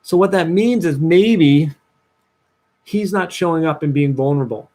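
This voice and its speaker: A young man, a dating coach talking to viewers on a livestream, telling a personal story with lively voiced-out asides. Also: unhurried. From New Jersey, USA. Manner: animated storytelling, acts out his past self in a higher voice.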